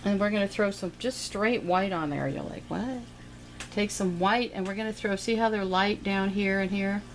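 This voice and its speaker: A woman's voice: mid-range voice, vocal fry, a little hiss or hum, poor audio. A middle-aged woman giving a casual, playful step-by-step painting lesson, chatting and making little sound effects as she paints. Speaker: painting teacher.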